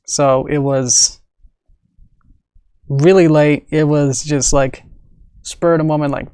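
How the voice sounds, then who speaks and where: A man with a slightly high voice talks casually on a live stream, rambling and laughing often between thoughts. He fills his sentences with ums and likes. The recording is dry and close, with no room sound. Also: fairly even intonation, slow, pauses often, darkish tone, clean tone, no echo. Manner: rambling, giggly, many fillers. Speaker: animator streaming his work. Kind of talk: casual livestream chat.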